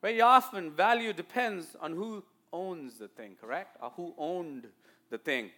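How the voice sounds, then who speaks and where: A man with an Indian accent preaching a sermon to a church, moving between quiet asides and loud, emphatic declarations. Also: on the high side, a little slow. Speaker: pastor.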